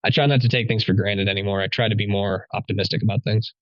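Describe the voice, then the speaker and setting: A man's voice: fairly low pitch, steady tone, quick pace, dry recording, muffled recording. Man telling a story with wry humor. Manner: rambling, frequent "like" fillers, wry humor. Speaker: police officer guest. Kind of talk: casual podcast storytelling.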